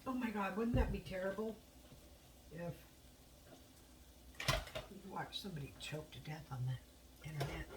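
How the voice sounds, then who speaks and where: Chatty swearing woman cooking at home. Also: fairly low pitch. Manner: chatty, blunt, swears casually, talks to herself while cooking. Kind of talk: casual kitchen chat. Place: home kitchen. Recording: distant mic with audible noise.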